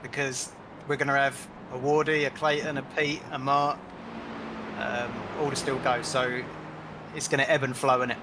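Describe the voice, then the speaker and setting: A man's voice: medium pitch, little pitch movement, normal speed, noisy background. A man, easygoing and reassuring, talking with sim racing teammates in casual voice chat. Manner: easygoing, reassuring, says mate a lot.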